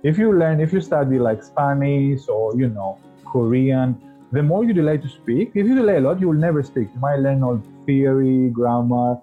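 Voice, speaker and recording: A man's voice: mid-range voice, animated, normal speed, soft background music. Earnest man with a non-native accent on a phone line. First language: not English. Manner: earnest, passionate, restarts phrases often. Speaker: podcast guest. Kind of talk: casual interview talk.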